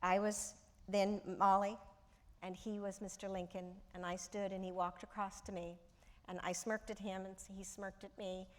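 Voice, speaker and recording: A woman, an actress, telling a lively anecdote in conversation, laughing often and repeating words as she talks. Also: mid-range voice, moderate pace. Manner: animated, laughing storyteller who repeats words.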